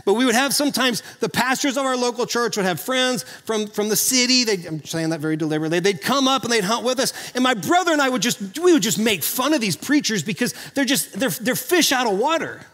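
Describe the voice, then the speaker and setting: A man from Oklahoma preaching a sermon as pastor, earnest and animated, often restarting his sentences. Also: sits high, a little fast, long reverb tail. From Oklahoma, USA.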